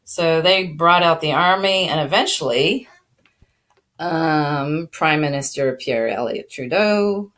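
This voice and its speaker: Lady with a low voice talking history casually, lots of ums and little laughs. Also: slow, fairly bright tone. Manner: rambling, many fillers and restarts; chuckles now and then while talking. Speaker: channel host. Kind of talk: casual spoken history talk.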